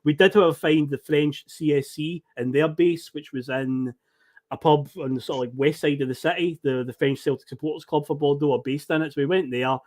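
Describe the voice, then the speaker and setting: A Scottish man in his thirties with a fairly high voice spins rambling stories in a relaxed podcast chat. He acts out bits of dialogue along the way and laughs easily between lines. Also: a little fast. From Scotland. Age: 30s. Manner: rambling anecdotes, laughs often, acts out quotes. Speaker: podcast guest storyteller.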